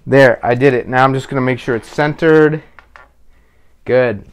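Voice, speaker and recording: A man's voice: medium pitch, steady tone, normal speed, clean tone. A man hosting a children's puppet show, explaining each step to young viewers in a friendly way. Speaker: puppeteer host.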